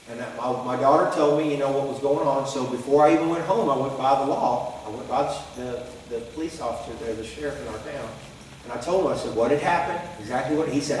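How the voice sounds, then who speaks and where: A middle-aged man, a pastor telling a story in his sermon in a folksy, animated way, quoting voices as he goes. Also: mid-range voice, a little hiss or hum. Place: church sanctuary. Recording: echoey hall, from far off.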